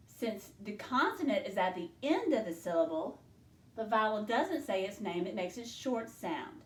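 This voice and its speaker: A woman's voice: mid-range voice, echoey room. Woman teaching phonics to small kids. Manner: slow, clear teacher talk, sounding out syllables. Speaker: second grade teacher. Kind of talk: remote phonics lesson.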